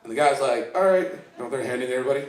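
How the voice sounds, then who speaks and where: The delivery is rapid-fire, medium in pitch and darkish in tone: an Icelandic man doing stand-up at an open mic. Rambling and self-deprecating, he performs the voices of his stories' characters, captured distantly in an echoey room with laughter behind him.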